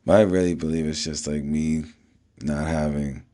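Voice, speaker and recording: A man's voice: very deep voice, steady tone, moderate pace, warm tone. A man in casual solo talk to camera, loose and streetwise, swearing freely and often asking whether you follow. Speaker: vlogger.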